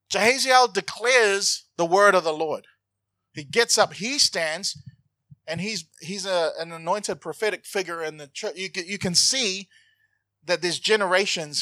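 A man preaching a sermon, animated and joking, swinging from loud to hushed. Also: high-pitched, no room sound. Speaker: pastor.

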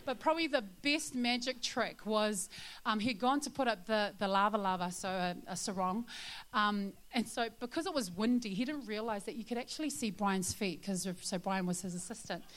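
A woman's voice: mid-range voice, moderate pace, a bit bright. A woman sharing a testimony with her church congregation, a chatty storyteller full of fillers who turns earnest and confiding.

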